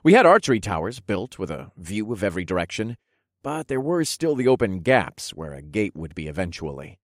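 A man narrating a first-person fantasy audiobook with expressive storytelling, softening for intimate moments. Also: deep voice, a little fast, no room sound, clean studio sound.

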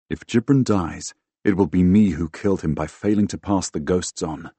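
A man narrating a first-person fantasy audiobook in a dramatic, expressive way, recorded close on a studio microphone. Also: deep voice, normal speed, husky, no echo. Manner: dramatic, expressive, bursts into loud shouts in dialogue.

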